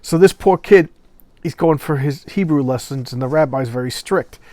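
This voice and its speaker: A man reviewing a comic book in a casual video, speaking haltingly, often repeating words, and openly moved by the pages. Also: on the high side, warm tone, dry recording.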